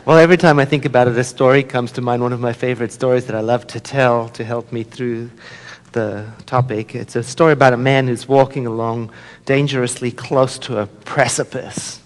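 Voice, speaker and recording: A man's voice: medium pitch, steady tone, a little fast. A man giving a sermon as a minister, telling a story with humor and acting out its voices. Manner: storytelling, warm humor, acts out voices in a joke. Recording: long reverb of a hall.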